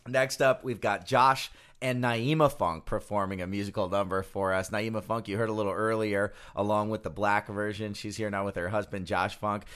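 Male event host, slightly low voice, straightforward introductions. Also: fairly even intonation, normal speed, a bit bright. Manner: plain, informative introductions. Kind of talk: introducing performers.

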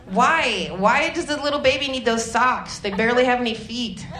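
A woman's voice: a little high, normal speed, bright, forceful tone. Rambling sarcastic woman comic on stage. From Detroit area, Michigan. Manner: rambling, self-deprecating, sarcastic asides. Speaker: stand-up comedian. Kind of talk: stand-up comedy set. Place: comedy club stage. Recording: echoey club with ambient noise.

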